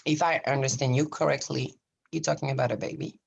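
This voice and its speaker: A woman playing a young wife calmly ending her marriage, husky and controlled, in an acting class scene. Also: very deep voice, fairly quick, exaggerated voice. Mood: bitter. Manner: flat, controlled, refusing emotion.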